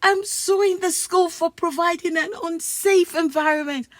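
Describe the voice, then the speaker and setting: A woman's voice: very high voice, measured pace, no echo. A woman voicing a scheming, boastful schoolboy in a read-aloud comic, bold and cheeky.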